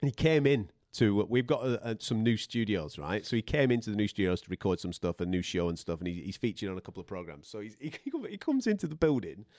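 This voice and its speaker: A man's voice: lowish voice, big pitch swings, fast talker, hardly any pauses, darkish tone, dry recording, clean studio sound. A man hosting a boxing podcast, telling stories in a chatty way, laughing often and swearing freely. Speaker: boxing podcast host and radio presenter. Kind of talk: casual banter and storytelling.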